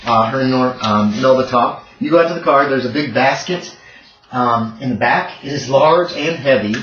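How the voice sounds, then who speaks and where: A man's voice: medium pitch, normal speed, fairly bright tone, a little hiss or hum. A man narrating a tabletop horror game as game master, casual and rambling with many fillers. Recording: dull roomy recording.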